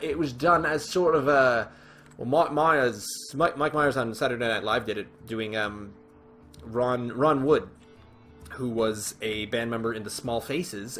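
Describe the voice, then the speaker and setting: A man casually commenting while he plays a card game, chatty and rambling, with sudden excited outbursts. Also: mid-range voice. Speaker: gaming channel host. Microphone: desk microphone with webcam.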